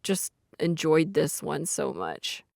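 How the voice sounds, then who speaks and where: A woman's voice: sits low, slow, creaky, dry recording, clean studio sound. A woman co-hosting a podcast, chatting casually about a book with lots of "like" fillers. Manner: lively, chatty, many fillers like "like". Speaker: podcast co-host.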